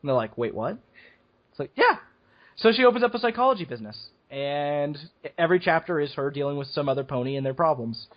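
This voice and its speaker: A man's voice: a little high, expressive, quick pace, hardly any pauses. Rambling man on a lo-fi podcast call. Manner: rambling, laughs often. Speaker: podcast host. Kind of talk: casual podcast chat. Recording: dull lo-fi audio.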